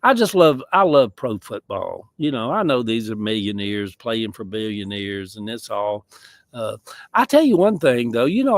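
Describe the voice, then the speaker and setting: Here's a Southern man, medium-pitched and with no room sound, shooting the breeze on a livestream from his yard. His talk wanders in a folksy manner, broken up by little laughing asides.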